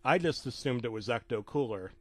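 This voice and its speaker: A man narrating a comedic creepypasta with rambling deadpan asides and stumbling restarts. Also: medium pitch, a little fast, no room sound.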